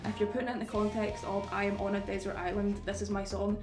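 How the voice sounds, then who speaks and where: A woman's voice: medium pitch, level tone, quick pace, echoey room, over music. A woman chatting on a podcast, thoughtful with hesitant fillers and easily turning enthusiastic. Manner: reflective, then bursts into enthusiasm. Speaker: podcast panelist. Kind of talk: casual chat.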